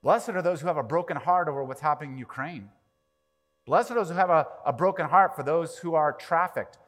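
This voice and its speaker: A man preaching a sermon as pastor, animated, swinging from quiet to loud and acting out quoted prayers. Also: on the high side, fairly quick. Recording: long reverb of a large hall.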